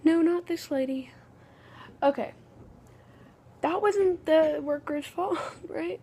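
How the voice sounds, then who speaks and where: A woman's voice: very high-pitched, slow pace, dark tone. A woman, telling a rambling, exasperated story in a casual vlog. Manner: rambling, exasperated, full of "okay" restarts. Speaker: vlogger.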